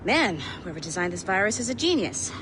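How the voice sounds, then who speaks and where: An actress playing a sharp-tongued, sarcastic female tech agent in a video game, with steady ambient noise behind. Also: mid-range voice, close to an everyday voice. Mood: brisk. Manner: brisk, sarcastic.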